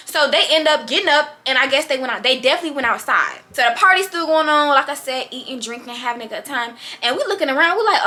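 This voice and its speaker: A young woman vlogger telling a story in a casual, animated, slangy way. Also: high-pitched, fast, hardly any pauses.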